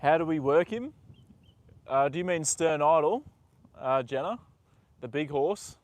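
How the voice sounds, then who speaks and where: A young man live-streaming from a horse paddock, chatting with viewers and talking softly to his horse. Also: a little high, expressive, measured pace, no echo. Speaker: livestream host. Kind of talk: casual live stream chat.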